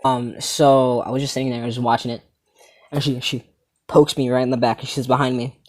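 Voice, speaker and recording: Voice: mid-range voice, fairly quick. Rambling teen comedy storyteller. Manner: rambling, animated, swears casually. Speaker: comedy channel host.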